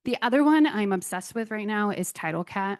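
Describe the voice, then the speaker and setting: A woman presenting a conference talk on software tools, chatty and enthusiastic with self-deprecating asides. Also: mid-range voice, animated, brisk.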